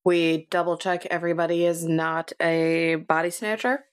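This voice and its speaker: A woman's voice: fairly low pitch, fairly even intonation, moderate pace, clear, resonant tone. A woman playing a tabletop role-playing game, chatting casually and joking with the group. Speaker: player.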